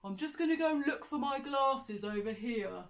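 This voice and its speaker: A woman voicing a big grumpy giant who sniffs out stinky children, in a children's sensory story, with a booming, teasing, mock-menacing manner. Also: expressive, moderate pace.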